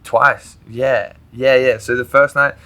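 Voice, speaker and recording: A man, a podcast guest, telling a personal story in casual chat, animated, swearing and laughing often. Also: mid-range voice, takes it slowly.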